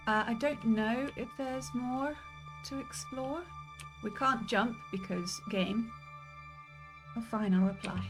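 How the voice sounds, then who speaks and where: A woman's voice: mid-range voice, slow, long pauses, music in the background. Chatty woman rambling while streaming a game. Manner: rambling, chatty, self-deprecating. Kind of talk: casual gameplay commentary.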